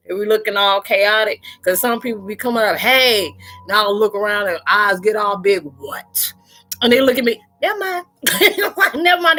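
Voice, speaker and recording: A young adult woman hosting a casual live-stream chat, telling animated stories and laughing often. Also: medium pitch. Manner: laughs often, tells animated stories, talks loosely and playfully.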